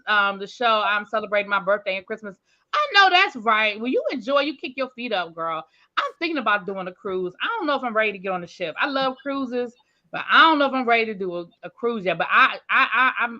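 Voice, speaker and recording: A woman hosts a casual livestream, talking. She greets viewers one by one in a chatty, familiar way. Her voice is bright and a little high, and the stream audio is slightly dull and lo-fi. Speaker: livestream host.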